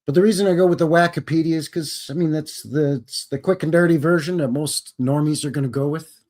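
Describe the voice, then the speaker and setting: A man's voice: a little high, steady tone, fairly quick, darkish tone. A man hosting a casual live stream, joking and rambling and now and then slipping into silly voices. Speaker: host.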